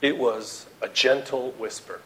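A man preaching a sermon to his congregation, swinging from loud dramatic outbursts to hushed appeals and acting out the quotes he reads. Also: medium pitch, a little slow, slight background noise, low-quality recording. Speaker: pastor.

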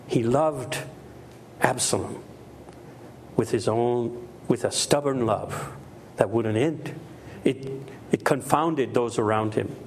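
A man's voice: medium pitch, a little hiss or hum. A middle-aged man preaching a sermon with emphasis, repeating key phrases and acting out quoted voices. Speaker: pastor.

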